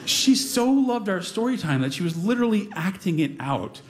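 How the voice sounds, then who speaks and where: A man's voice: sits high, very animated, moderate pace. A middle-aged man telling a personal story on stage before a live audience, wry and self-deprecating with comic timing.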